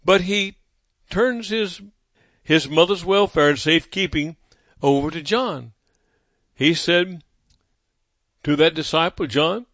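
Slow, emphatic male preacher. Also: fairly high pitch, fairly bright tone, no echo, studio quality. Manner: emphatic preaching with dramatic pauses and repetition. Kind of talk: sermon.

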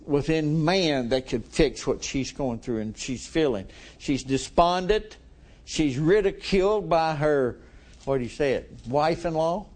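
A man's voice: fairly high pitch, darkish tone. A middle-aged male preacher giving a folksy, conversational sermon, chuckling often and asking the congregation questions.

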